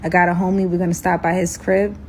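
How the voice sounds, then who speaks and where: A woman's voice: on the low side, level tone, fast talker, darkish tone, slight background noise, pitched below the performer's own voice, lightly acted. Woman voicing a curt, menacing man on the run. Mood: blunt. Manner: blunt, curt, threatening.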